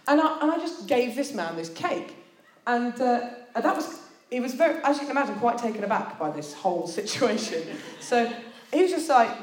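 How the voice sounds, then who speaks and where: A woman's voice: fairly high pitch, very animated, normal speed. Chatty woman preaching in a roomy hall. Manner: chatty, self-deprecating, many fillers. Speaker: speaker at a student church meeting. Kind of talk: sermon with personal storytelling.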